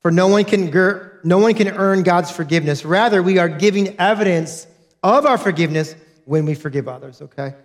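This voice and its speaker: A man's voice: high voice, fairly quick. A man preaching a sermon as a pastor, earnest and direct, repeating key points to his congregation.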